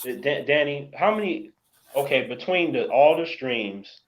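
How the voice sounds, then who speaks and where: A man's voice: medium pitch, expressive, measured pace, low-quality recording. A man chatting casually with a friend on a live stream, joking and acting out imagined scenes. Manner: jokey, acts out scenes in put-on voices. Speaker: co-host. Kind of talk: casual chat.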